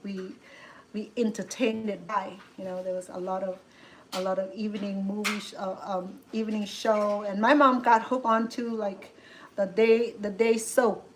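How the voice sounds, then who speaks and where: This middle-aged woman speaks English with a Cambodian accent, in loose, rambling chat full of fillers and restarts. Her voice sits at an ordinary pitch for a woman. A faint hiss runs behind her. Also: little pitch movement, normal speed, poor audio. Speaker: cooking show host. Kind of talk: casual chat.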